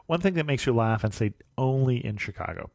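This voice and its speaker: A man hosting a travel podcast interview, relaxed and chatty, often chuckling and giving short affirmations. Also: medium pitch, brisk, no room sound, studio quality. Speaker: podcast host. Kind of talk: conversational interview.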